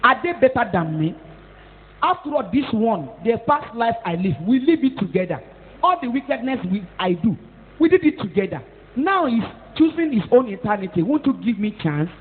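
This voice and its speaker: A woman's voice: on the high side, big pitch swings, normal speed, a little hiss or hum. A Nigerian-accented woman voicing a male goat that earnestly pleads with God for a chance. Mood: pleading. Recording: tinny phone-like echoey hall.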